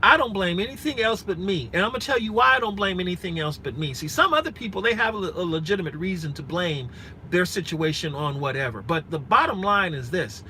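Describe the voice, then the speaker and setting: A man's voice: sits high, lively intonation, a little fast, pushed and bright, slight background noise, poor audio. A man in his forties chatting frankly and earnestly with live-stream viewers from inside a rented SUV, repeating himself and restarting often. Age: 40s. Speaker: rideshare driver vlogger.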